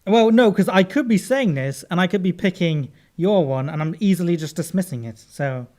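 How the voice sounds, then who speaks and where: A man co-hosting a casual comedy podcast, rambling and hesitant as he overthinks his guesses out loud. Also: sits high, lively intonation, moderate pace. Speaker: podcast co-host, guessing player. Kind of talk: casual banter.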